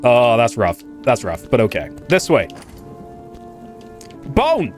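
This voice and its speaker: Excitable man playing a game. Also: mid-range voice, slow, soft background music. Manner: excitable, laughing, chatty asides. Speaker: gaming channel host. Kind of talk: casual gameplay commentary.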